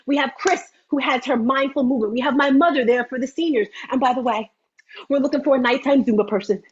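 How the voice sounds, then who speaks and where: High-voiced woman in her 50s hyping a fitness event, chatty, repeats stuff, kinda dull lo-fi sound. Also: quick pace, slightly rough. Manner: animated, chatty, repeats phrases for emphasis. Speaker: host of an online fitness meeting. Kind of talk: lively live-stream pitch.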